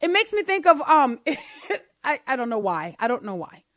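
A woman's voice: sits high, big pitch swings, normal speed, a bit bright, no echo, studio quality. A middle-aged woman hosting a talk show, chatting casually and animatedly, laughing and slipping into mock voices for her jokes. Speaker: podcast host. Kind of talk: casual commentary.

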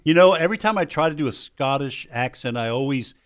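A man's voice: medium pitch, expressive, smooth. A man co-hosting a radio show, joking in casual banter. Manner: jokey, quick interjections. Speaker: radio co-host.

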